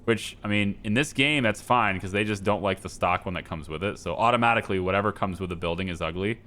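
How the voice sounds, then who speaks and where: A deep-voiced man talks quickly, his tone bright and forceful. He's a gameplay streamer offering casual commentary while he decorates, rambling, unable to make up his mind, and poking fun at himself.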